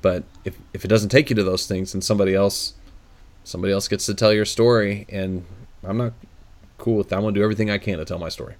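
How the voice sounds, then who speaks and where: A man with a very low voice chats casually as a podcast co-host. He talks with eager enthusiasm and keeps restarting his phrases as he goes. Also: steady tone, fast. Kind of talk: casual chat.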